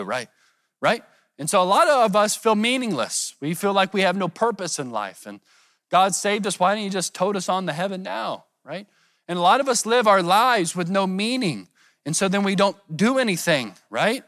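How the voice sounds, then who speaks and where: A man with a high voice preaching a sermon to his congregation. He talks in a relaxed, conversational way and keeps checking in with rhetorical questions. The sound is dry and close. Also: no echo. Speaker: pastor.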